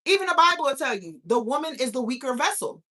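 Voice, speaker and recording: A woman's voice: high-pitched, very animated, fast talker, sharp tone. A woman hosting a live stream, ranting in a profane, incredulous way and firing off rhetorical questions. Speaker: host of a live talk stream. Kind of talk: casual live-stream rant.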